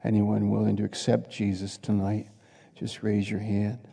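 A man making a slow, quiet altar call, heard from some distance. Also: fairly low pitch, monotone, vocal fry.

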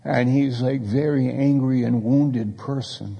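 A man delivers a sermon, moving between scripture and personal stories in an easy, conversational style. His voice is dark and gravelly. It carries a long reverb, as if he is speaking in a big hall. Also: medium pitch, steady tone, measured pace, few pauses. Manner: storytelling, conversational preaching with acted quotes. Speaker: pastor.

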